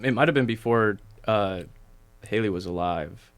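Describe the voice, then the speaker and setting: A young man co-hosting a casual podcast, telling stories in a relaxed way and laughing along. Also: fairly low pitch, normal speed, clean tone, dry recording, soft background music. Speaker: podcast co-host. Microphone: podcast mic.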